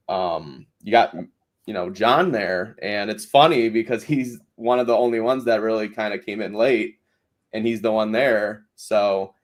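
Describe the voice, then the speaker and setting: A man hosting a podcast, recapping a reality show in rambling casual chat full of fillers. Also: fairly low pitch. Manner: rambling, many fillers and restarts. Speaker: podcast host.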